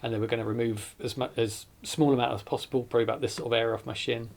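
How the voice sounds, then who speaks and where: A man's voice: mid-range voice, steady tone, very fast, vocal fry. A man, earnestly recounting his hospital ordeal in a documentary interview, often correcting himself as he goes. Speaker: survivor telling his story.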